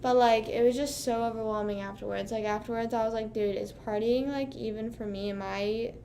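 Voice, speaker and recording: A woman's voice: on the high side, fairly even intonation, brisk, gravelly, dark tone, slight background noise. A young woman under twenty-one chatting casually on a live stream, rambling with lots of fillers. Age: young adult.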